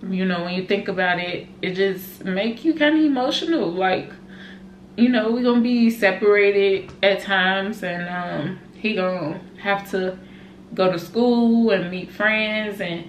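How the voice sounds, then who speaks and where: Chatty young mom vlogger, echoey room. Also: female voice, mid-range voice, fairly even intonation, slow. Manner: chatty, emotional, many fillers like "like" and "y'all". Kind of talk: casual chat to camera. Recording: echoey room with faint noise.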